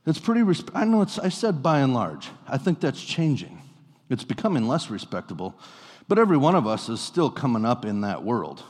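A male pastor delivers his sermon in an easy, storytelling manner, drifting into playful asides before coming back to his point. His voice sits at an ordinary male pitch. A long reverb from a church hall hangs on every phrase. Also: huge pitch swings, brisk, a little mellow. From US Pacific Northwest. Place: church sanctuary.

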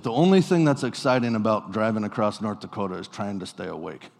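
Conversational pastor in an echoing sanctuary. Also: male voice, lowish voice, fast, vocal fry, hardly any pauses. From US Pacific Northwest. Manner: conversational, animated storytelling with playful asides. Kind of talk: sermon. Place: church sanctuary. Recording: long reverb of a church hall.

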